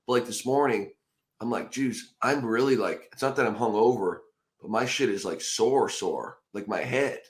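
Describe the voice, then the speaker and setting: A man hosting a casual podcast chat, swinging from low mutters to loud bursts as he acts out stories. His pitch sits in a middle range and he talks with loose, profane energy. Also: normal speed. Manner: animated storytelling, swearing, acting out quotes loudly. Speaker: podcast host.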